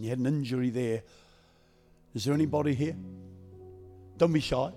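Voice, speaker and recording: A man preaching as a guest pastor, speaking calmly and conversationally instead of shouting, leading a healing prayer in a church service. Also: mid-range voice, normal speed, faint music behind. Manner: calm, conversational, not yelling. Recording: long church reverb.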